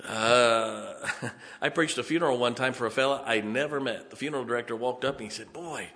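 A man's voice: medium pitch, fairly quick, pushed and bright, long reverb tail. A man preaching a sermon in a folksy way, often chuckling and checking on his congregation.

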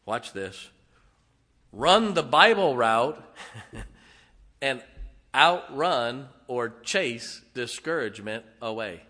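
An older man preaching a sermon in a church, swinging from booming declarations to quiet wry asides. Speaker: pastor. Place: church sanctuary. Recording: long hall reverb.

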